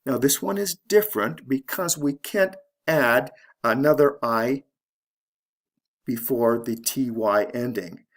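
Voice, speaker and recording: A man teaching an English pronunciation lesson, reading word pairs slowly and spelling out endings letter by letter. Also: mid-range voice. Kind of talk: slow, deliberate pronunciation lesson.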